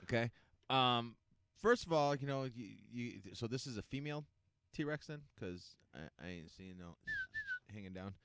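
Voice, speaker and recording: Laughing, animated male radio co-host. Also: medium pitch, normal speed, clear, resonant tone. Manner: laughing, quotes movie lines. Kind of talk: casual podcast banter.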